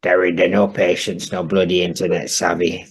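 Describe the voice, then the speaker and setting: A man's voice: low-pitched, level tone, moderate pace, full character voice. A man doing a grumpy cursing old northerner. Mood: scornful. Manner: gruff, cursing, grumbling rants. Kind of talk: comedy podcast sketch.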